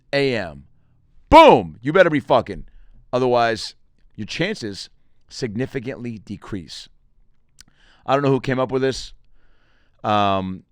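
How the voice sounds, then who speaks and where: A man's voice: medium pitch, smooth, no room sound, clean studio sound. Rambling joking male podcast host. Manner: rambling, self-interrupting, jokey. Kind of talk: casual comedic monologue.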